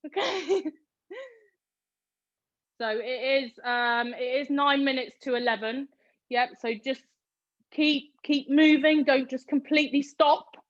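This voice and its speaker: A woman's voice: sits high, steady tone, a little slow, muffled recording. A British woman leading a live online workout class, calling out reps and counting down as she cheers her students on. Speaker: fitness instructor.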